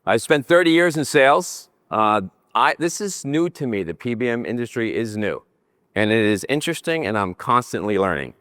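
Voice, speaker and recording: An older man from New Jersey giving a conference presentation, animated and joking as he talks with his hands. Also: mid-range voice, moderate pace, clear, resonant tone, dry recording, studio quality. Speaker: conference speaker. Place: conference session room.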